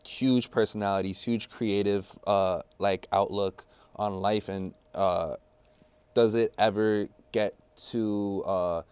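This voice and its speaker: A man's voice: lowish voice, slow pace, smooth, dry recording. A man hosting a podcast in casual chat, asking rambling questions full of filler words. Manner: relaxed, rambling, heavy use of "like". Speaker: podcast host.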